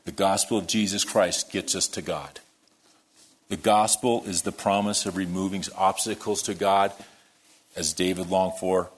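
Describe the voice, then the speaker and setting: A man preaching a sermon, telling a story that moves between quiet, hushed lines and loud, worked-up ones. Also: low voice, steady tone, a little slow, slightly rough. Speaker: pastor.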